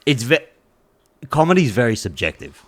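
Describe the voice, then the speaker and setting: Laid-back podcast host. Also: male voice, medium pitch, big pitch swings, moderate pace, fairly bright tone. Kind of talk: casual chat.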